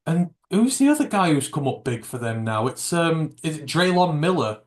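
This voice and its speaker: A man's voice: on the high side, big pitch swings, moderate pace. A man co-hosting a podcast, chatting casually about sport, his voice climbing when he makes a point. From United Kingdom. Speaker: podcast co-host. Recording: echoey room.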